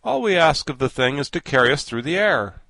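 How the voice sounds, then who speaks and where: A man voicing a practical tin man in a storybook reading, calm, with a measured, matter-of-fact manner. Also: a little high, vocal fry, no room sound, voice pushed up, heavily acted. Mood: decisive.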